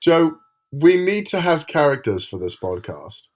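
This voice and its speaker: A man's voice: fairly high pitch, sing-song, measured pace. A man co-hosting a podcast in casual chat, rambling and hesitant as he describes things. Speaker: podcast co-host.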